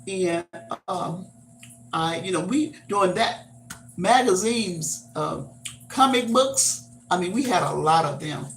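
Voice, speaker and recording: An older woman hosting a live stream, chatting casually and haltingly with many fillers and repeated words. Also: on the low side, animated, a little hiss or hum. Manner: reminiscing, homespun. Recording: roomy echo.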